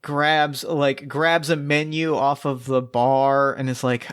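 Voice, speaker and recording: A man's voice: mid-range voice, little pitch movement, takes it slowly, hardly any pauses, a bit bright, clean tone. A man narrating as game master in a tabletop game, rambling with many fillers and restarts. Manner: rambling, filler-heavy, laughs often.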